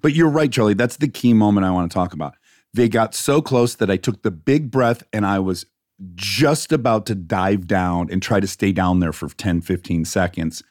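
Animated low-voiced man telling stories. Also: moderate pace. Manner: animated storyteller, laughs often. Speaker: podcast co-host. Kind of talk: casual chat.

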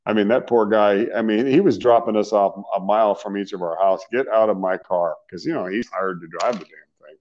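A middle-aged man, a singer, being interviewed, telling stories in a loose, animated way with slang and laughs. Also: on the low side, brisk, few pauses, lo-fi sound, slight background noise. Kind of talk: casual storytelling interview.

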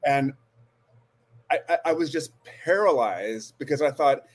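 A man's voice: mid-range voice, unhurried, long pauses. A man in his forties, a guest, earnestly telling a personal story with frequent restarts and hesitations. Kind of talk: storytelling interview.

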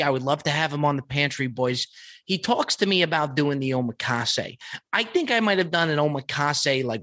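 A man hosting a podcast, telling a story in a casual, excitable way, swearing freely and repeating himself as he goes. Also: on the high side. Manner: excitable, profane and repetitive. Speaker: podcast host.

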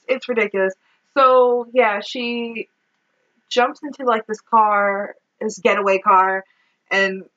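A woman's voice: mid-range voice, bright, forceful tone, dull audio. A woman co-hosting a podcast, recapping a movie in casual chat, exasperated, swearing and laughing as she goes. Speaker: podcast co-host.

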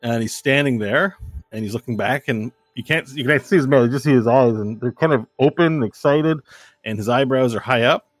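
A man narrating a tabletop game as game master, lively and descriptive. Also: mid-range voice, brisk, no room sound.

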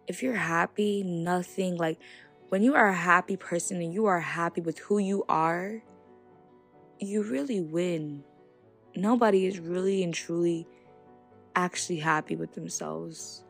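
A young woman hosting her own podcast, talking to listeners in an animated, outspoken way and laughing between her points. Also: on the low side, unhurried, creaky, soft background music. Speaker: podcast host. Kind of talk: casual solo podcast monologue.

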